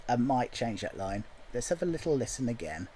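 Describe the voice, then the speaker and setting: A man's voice: mid-range voice, very animated, fairly quick, dark tone, a little hiss or hum. A man chatting casually as he writes a song, thinking aloud in a jokey, self-deprecating way. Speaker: songwriter. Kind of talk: casual chat while writing a song.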